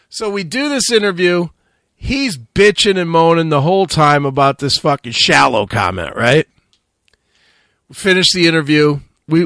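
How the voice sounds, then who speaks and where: High-voiced, bright male radio host. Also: no echo, studio quality. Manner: profane, animated storyteller acting out quotes. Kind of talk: casual storytelling.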